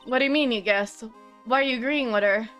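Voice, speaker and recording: A woman's voice: a little high, fast, a bit bright, soft background music, lightly acted. A woman voicing a flustered young male defense lawyer with a dry, exasperated manner.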